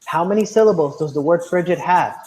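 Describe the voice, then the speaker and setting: A man's voice: fairly high pitch, fairly quick, darkish tone, rough recording. A man teaching an online class, patient, often checking understanding with "right?". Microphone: video call.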